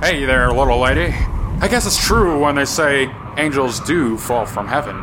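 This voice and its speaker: A man's voice: medium pitch, expressive, normal speed, background noise, natural voice. A man voicing a vain, flirtatious talking bird. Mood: flirty.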